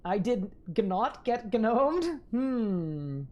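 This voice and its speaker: A young woman giving live gaming commentary on a stream, talking to chat, excitable and quick to laugh. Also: on the high side.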